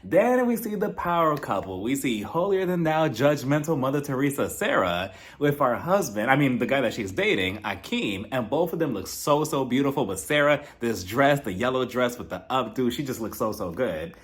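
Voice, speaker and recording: A man's voice: mid-range voice, sing-song, normal speed, few pauses. A man hosting a casual, gossipy recap of a reality TV episode, chatting and acting out what people said in playful voices. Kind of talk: casual episode review commentary.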